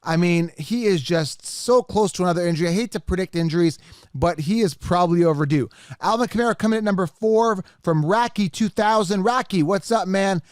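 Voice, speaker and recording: A man hosting a fantasy football show, giving casual live commentary on a mock draft, animated and talking straight to his viewers. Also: high-pitched, a little fast, clean tone, no room sound, clean studio sound. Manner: animated, gets worked up and exasperated; talks directly to viewers. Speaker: fantasy football podcast host.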